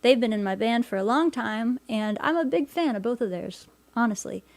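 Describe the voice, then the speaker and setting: A woman hosting her own livestream concert, chatting casually and wryly between songs, with quick quips and quiet asides. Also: fairly high pitch, dry recording. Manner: wry, joking, talks fast and drops to a quiet aside. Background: guitar playing.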